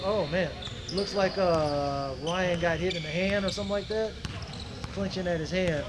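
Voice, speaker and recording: A man's voice: a little high, noisy background. Frustrated man breaking down game footage. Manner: frustrated, animated coaching critique. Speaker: player breaking down his own game footage. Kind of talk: casual video commentary.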